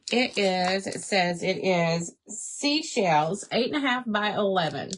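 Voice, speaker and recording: A woman's voice: mid-range voice, expressive, slow. Woman, friendly craft livestream host, chats with viewers, phone mic, faint hiss. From Arkansas, southern United States. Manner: chatty, greets viewers by name, says "y'all". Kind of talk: casual live craft unboxing chat. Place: indoor home craft space.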